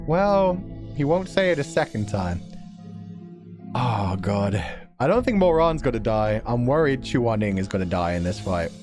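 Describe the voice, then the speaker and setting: A man reading a novel aloud on a livestream and chatting with viewers, animated, laughing often and swearing casually. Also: a little high. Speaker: streamer.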